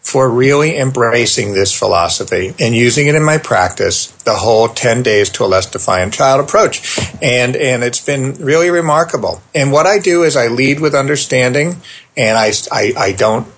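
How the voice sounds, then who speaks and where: Middle-aged male therapist guest, gravelly and husky, animated storyteller. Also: medium pitch. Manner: animated storyteller, quick asides. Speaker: therapist and parenting author, guest. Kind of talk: conversational storytelling.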